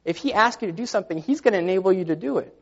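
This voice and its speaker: A man's voice: high-pitched, lively intonation, rapid-fire, creaky. A man preaching a sermon in an earnest, conversational way, often saying "you know", recorded with a dull, lo-fi sound. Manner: earnest, conversational with repeated fillers.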